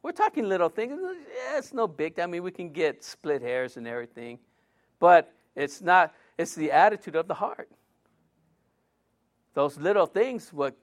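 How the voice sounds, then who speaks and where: High-voiced preacher man, chatty sermon. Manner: conversational, joking asides, rhetorical questions.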